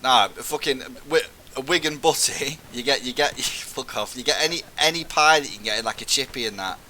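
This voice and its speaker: Young man, bright voice, sweary banter, gaming chat on a headset. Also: medium pitch, fairly quick, slight background noise.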